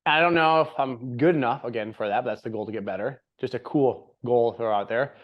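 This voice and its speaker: A man's voice: mid-range voice, brisk. A young man hosting a podcast in casual chat, rambling and upbeat, laughing often. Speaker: podcast host. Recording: slightly dull lo-fi audio.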